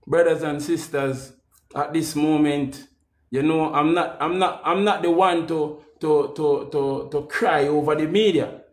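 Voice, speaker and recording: High-voiced Jamaican man preaching slowly. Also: reverberant. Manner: preachy and emphatic, repeating himself. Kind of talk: motivational monologue.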